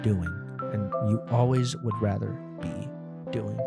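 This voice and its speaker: A man's voice: on the low side, fairly even intonation, a little slow, gravelly, loud music behind the voice. A young adult man hosting a comedy podcast, riffing in a profane, rambling monologue that acts out imagined scenes.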